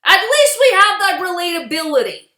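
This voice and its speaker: Furious profane woman ranting, high voice. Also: big pitch swings, normal speed, bright, forceful tone, echoey room. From Canada. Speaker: political vlogger. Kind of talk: angry political rant.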